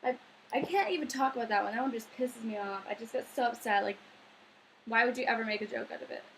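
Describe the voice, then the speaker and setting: A woman's voice: on the high side, fast, slight background noise, poor audio. A young woman in a casual advice vlog, earnest and rambling, with many filler words. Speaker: vlogger.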